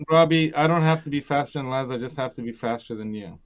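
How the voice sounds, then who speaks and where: A man's voice: mid-range voice, fast talker, muffled recording. Rambling man hosting a gear stream. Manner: rambling, laughs often, many restarts. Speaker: host of a gear live stream. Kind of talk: casual live-stream chat.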